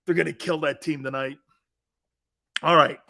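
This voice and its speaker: Brash high-pitched male sports show host. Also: fairly even intonation, normal speed, gravelly. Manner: brash, loud, trash-talking, laughs often. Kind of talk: live sports radio show reading listener chat.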